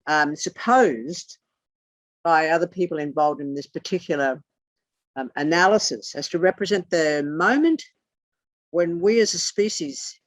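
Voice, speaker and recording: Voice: mid-range voice, dry recording. A tarot teacher giving a rambling esoteric lecture, swearing casually and drifting into muttered asides. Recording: dull lo-fi dry recording.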